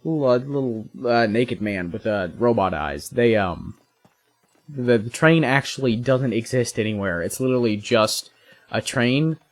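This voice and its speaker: A young man in his twenties giving casual, rambling commentary while playing a video game, making jokes and breaking into excited outbursts. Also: medium pitch, measured pace. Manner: rambling, jokey, excitable asides. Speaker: let's play host.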